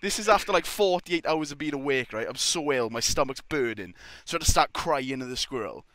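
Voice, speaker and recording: Lively, bright-voiced young man. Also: mid-range voice, a little fast, dry recording. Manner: rambling, sweary, laughs through his story. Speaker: podcast guest. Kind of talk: casual storytelling.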